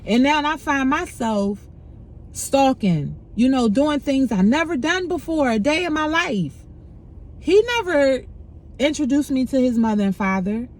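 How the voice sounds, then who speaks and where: A woman's voice: sits high, animated, a little slow, a little mellow. A middle-aged woman candidly sharing a painful personal story, frank and emotional, speaking casually with profanity.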